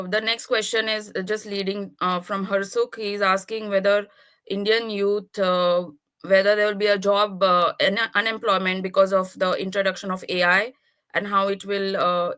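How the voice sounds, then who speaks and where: A woman serving as moderator and reading audience questions politely and a little hesitantly, with many fillers. Her voice is bright and crisp, and her pitch stays fairly flat. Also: moderate pace. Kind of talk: conversational Q&A.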